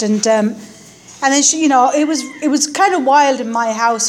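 A woman with an Irish accent, a guest speaker telling her life story at a meeting into a stand microphone, wry and self-mocking. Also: on the high side. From Ireland. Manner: wry, self-deprecating storytelling with acted quotes. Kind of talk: personal story talk at a recovery meeting.

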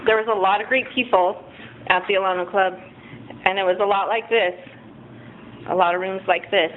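A woman's voice: mid-range voice, steady tone, moderate pace. A woman tells her own recovery story at a meeting, candid and self-mocking, often stopping to restart a thought. Her voice is thin and narrow, like it came through a phone. Faint noise sits under the talk.

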